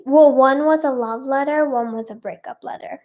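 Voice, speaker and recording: A young woman with a bright, high voice talks to her viewers on a live stream. She chats casually and bubbles along, rambling and giggling as she goes. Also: normal speed.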